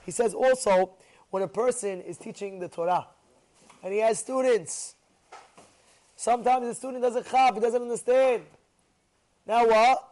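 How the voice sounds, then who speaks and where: A high-voiced man leads a Torah class with lots of animation, repeating phrases for emphasis and acting out the people in his examples. He mixes Hebrew and Yiddish words into his speech.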